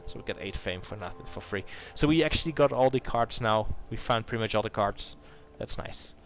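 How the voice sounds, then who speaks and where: A man's voice: on the low side, expressive, a little fast, few pauses. A man hosting a let's play, reading game text aloud and adding rambling asides. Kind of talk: narrating a video game playthrough.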